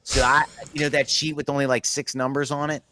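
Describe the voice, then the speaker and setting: A man's voice: medium pitch, level tone, a little fast, bright, forceful tone, a little hiss or hum. A middle-aged man hosting a podcast, telling a long story in casual chat, with frequent restarts and laughter. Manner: rambling, restarts often, laughs through the story. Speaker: podcast host.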